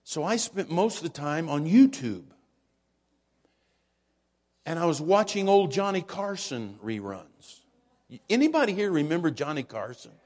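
An older man preaching as pastor, telling jokey stories in a folksy, unhurried way. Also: on the high side, very animated, darkish tone. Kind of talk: sermon with casual storytelling. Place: church sanctuary. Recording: church hall with long reverb.

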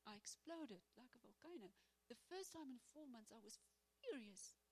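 A woman speaking in church, telling a personal testimony as a sermon with animated storytelling and acted-out prayers. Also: a little high, normal speed, poor audio.

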